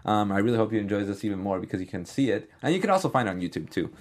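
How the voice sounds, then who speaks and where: A man's voice: on the low side, lively intonation, rapid-fire. A young man from Southern California hosting a casual film news podcast, chatty and full of fillers, enthusiastic. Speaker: podcast host.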